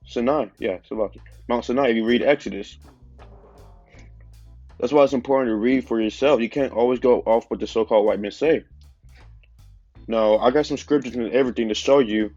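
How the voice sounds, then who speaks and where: A man's voice: medium pitch, a little fast, pauses often, a little mellow, no echo, muffled recording, soft background music. A man with a stuffy nose giving an informal religious teaching, talking casually with lots of fillers. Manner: casual, conversational preaching with many fillers. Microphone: phone.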